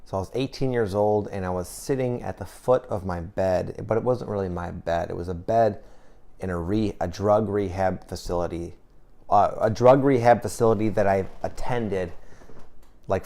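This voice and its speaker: Man, 20s, low-ish voice, emotional confessional vlog storyteller who swears casually and halts and restarts his sentences. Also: a little mellow. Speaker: vlogger. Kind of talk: personal storytelling to camera.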